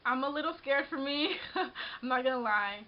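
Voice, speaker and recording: A woman's voice: high-pitched, moderate pace. A young woman in her twenties telling a personal story in a casual vlog, rambling with many restarts, recorded on a camera mic at home. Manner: rambling, frequent restarts and "like", shaken but laughing. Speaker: vlogger. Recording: dull lo-fi webcam audio.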